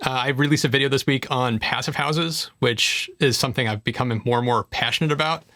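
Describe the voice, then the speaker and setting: A man's voice: mid-range voice, fairly quick, sharp tone, no room sound, studio quality. A man co-hosting a tech podcast, speaking emphatically and with strong opinions. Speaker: podcast co-host. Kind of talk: casual tech chat.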